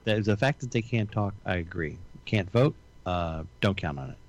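A man in his sixties in casual banter, trading wry, quick comebacks. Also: low voice, animated, dry recording, highs cut off.

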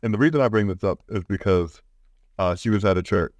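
A man's voice: on the low side, fairly quick, no echo. A man chatting casually as a podcast co-host, often stumbling and repeating his words. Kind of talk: casual chat.

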